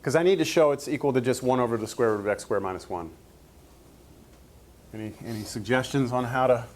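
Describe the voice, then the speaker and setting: A man's voice: mid-range voice, brisk, a little mellow. Male math teacher lecturing a class, patient step-by-step delivery, light background noise. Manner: explains step by step, checks in with "right?".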